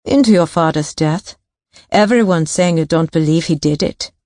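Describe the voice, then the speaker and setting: A woman's voice: low voice, moderate pace, warm tone, no room sound, clean studio sound, natural voice. Woman voicing a curt German barkeep woman. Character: guarded female German barkeep.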